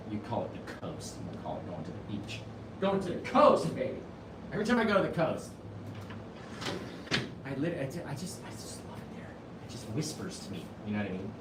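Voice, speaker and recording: A painting instructor in his forties hosts a live lesson from his studio, his medium-pitched voice sounding distant and reverberant over background noise. Enthusiastic and playful, he reads viewers' comments aloud, joking with them and gushing.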